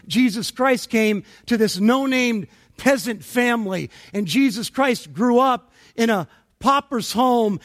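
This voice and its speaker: A man preaching an expository sermon, deliberate and emphatic, pausing between phrases. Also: sits high. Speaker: pastor.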